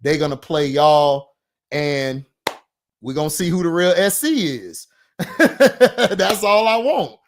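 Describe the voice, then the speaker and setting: A man's voice: fairly high pitch, animated, slow, pauses often. A man hosting a sports talk show, arguing his points passionately and insistently in a casual, heated debate.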